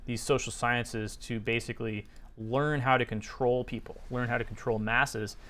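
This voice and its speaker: A man's voice: mid-range voice, steady tone, moderate pace, fairly bright tone. A man casually reading aloud from a research paper and commenting on it with sarcastic, skeptical remarks and many fillers.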